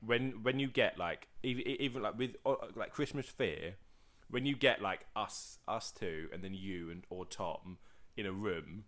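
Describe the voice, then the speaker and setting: A man co-hosting a podcast, telling stories in a rambling, excitable way full of fillers and restarts. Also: lowish voice, a little slow. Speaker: podcast co-host. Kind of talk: casual storytelling chat. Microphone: podcast mic.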